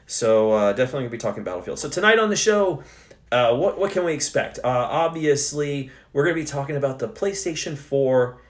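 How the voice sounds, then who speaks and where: A young man hosting a live stream, talking casually and loosely with lots of fillers and restarts. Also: medium pitch. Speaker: host.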